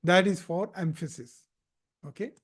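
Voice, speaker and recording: A man's voice: high-pitched, fairly bright tone, slightly rough. A man teaching Arabic grammar in a live recorded lesson. He explains step by step, repeats key points, corrects himself and often checks in with "Okay?". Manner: slow, repetitive explaining with frequent "Okay?" checks and self-corrections. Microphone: recorded in a live video session.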